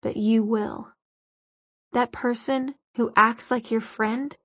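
A woman narrator voicing a cold, defiant young man who speaks in clipped, measured words. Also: fairly high pitch, fairly even intonation, husky. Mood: cold, hateful. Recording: dull lo-fi audiobook recording.

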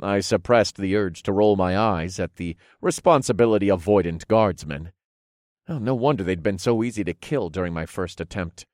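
A man narrating a first-person fantasy audiobook with wry, lively storytelling into a studio mic. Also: low-pitched, moderate pace, no echo.

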